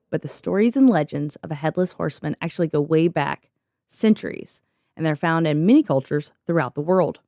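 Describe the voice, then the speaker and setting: A woman's voice: lowish voice, darkish tone, no room sound, clean studio sound. A young woman co-hosting a podcast in a casual, joking way, reading from notes and laughing often. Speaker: podcast co-host.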